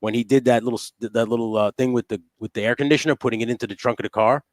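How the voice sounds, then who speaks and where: A man talking casually on a podcast, mid-pitched, dry close sound with no room to it. He talks in an animated way, laughs a lot and jumps into quick impressions while telling stories. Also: no room sound. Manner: animated, quotes sitcom lines in put-on voices and laughs often. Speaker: podcast co-host. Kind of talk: casual chat.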